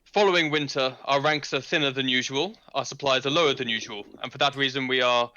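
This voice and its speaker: A man's voice: medium pitch, fairly even intonation, fairly quick, pushed and bright, dull audio, close to an everyday voice. A man playing a formal, condescending male recruiter on a wartime errand.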